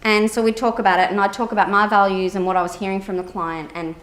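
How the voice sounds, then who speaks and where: Woman therapist, keynote speaker, animated storyteller who acts out dialogue, casual with fillers, middle-range voice. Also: mid-range voice, fast talker. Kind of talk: conference keynote talk, personal storytelling.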